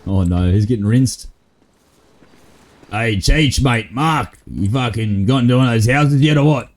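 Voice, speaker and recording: A man playing a roleplay game, swearing and making rough threats at other players. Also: mid-range voice, measured pace. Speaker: roleplay gamer. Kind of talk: in-character gaming banter.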